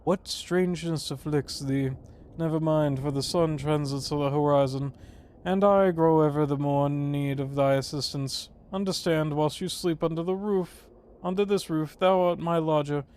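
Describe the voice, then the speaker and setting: A man's voice: a little high, fairly even intonation, normal speed, darkish tone, clear, resonant tone, close to an everyday voice. A man voicing a pompous archaic landlord. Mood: stately. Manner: pompous, old-fashioned thee-and-thou phrasing. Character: stiff formal landlord man speaking in archaic English.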